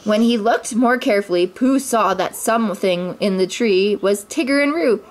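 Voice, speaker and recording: A mother reading a children's storybook aloud with clear, expressive narration. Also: mid-range voice, normal speed.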